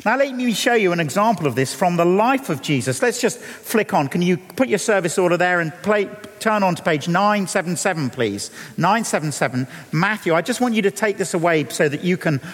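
A slightly high-voiced man preaching in earnest, stumbling over restarts as he presses his point. His words ring out through a church hall with a long, lingering reverb. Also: lively intonation. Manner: earnest, halting with repeated restarts. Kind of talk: sermon.

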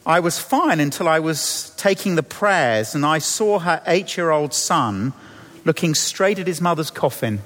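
A man, a vicar, preaching a sermon and telling the story with lively acted-out voices. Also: fairly high pitch, a little slow, big-room sound.

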